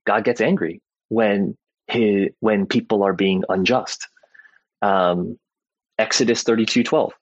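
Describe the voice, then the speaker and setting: A man with a low, husky voice teaches from the Bible in a loose, conversational way. He keeps tagging his points with "right?" and fills his talk with "like" and "you know." The sound is close and dry. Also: no echo, rough recording. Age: adult parent.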